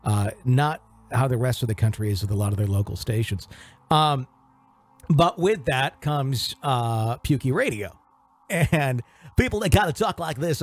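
A man's voice: mid-range voice, animated, unhurried. A man hosting a podcast in casual chat, joking and mimicking radio DJs. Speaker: podcast host.

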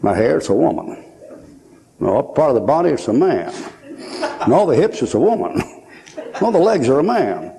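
A man's voice: medium pitch, sing-song, normal speed, gravelly, long pauses, mellow. A man in his sixties preaching a folksy sermon at a conference, joking and laughing as he tells stories.

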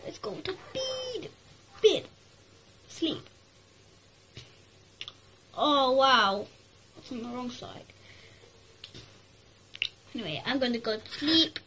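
A high, bright-toned woman chats her way through a game, rambling and excitable as she talks to herself. She speaks at an unhurried pace, with a faint hiss of noise underneath. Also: low-quality recording. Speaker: gaming YouTuber. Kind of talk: casual gameplay commentary.

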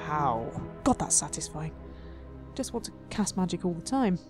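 A woman's voice: lowish voice, animated, normal speed, over loud music. Playful woman reading a game aloud. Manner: playful, self-mocking, chatty asides. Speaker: let's play host.

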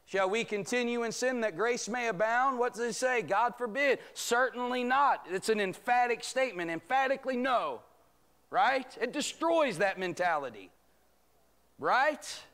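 Slow, emphatic pastor teaching Scripture. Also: male voice, high-pitched, fairly bright tone, clean tone. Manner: emphatic, rhetorical preaching with calls of amen. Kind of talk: Bible study teaching. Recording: church sanctuary recording.

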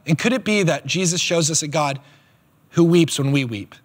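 A man preaching a sermon as pastor, animated and emphatic, with quick asides. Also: on the high side, husky. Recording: long hall reverb.

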